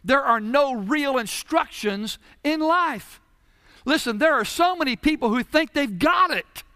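Emphatic high-voiced preacher. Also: male voice, lively intonation, measured pace, sharp tone, dry recording, clean studio sound. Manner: emphatic preaching with rhetorical questions. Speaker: pastor. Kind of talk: sermon.

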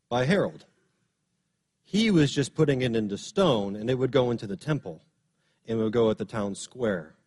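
A pastor preaches to his congregation in a husky, somewhat worn voice, strained from singing. He tells the story in a vivid way, swelling to strong emphasis and then sinking to quieter lines. His pitch sits in an ordinary middle range. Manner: storytelling, builds up to loud emphatic peaks then drops low. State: slightly strained voice after singing. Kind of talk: sermon. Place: church sanctuary.

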